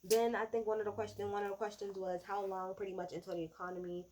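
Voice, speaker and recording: A woman in her twenties talks through a debate in a loose, opinionated recap. She is sarcastic and swears freely, now and then rising into loud, exasperated outrage. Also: mid-range voice, little pitch movement, fast. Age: 20s. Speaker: political commentator.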